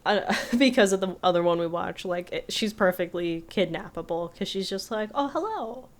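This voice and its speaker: A woman's voice: lowish voice, moderate pace. A young woman co-hosting a podcast in casual chat, easygoing and asking questions. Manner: easygoing, asks questions, laughs often. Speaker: podcast co-host.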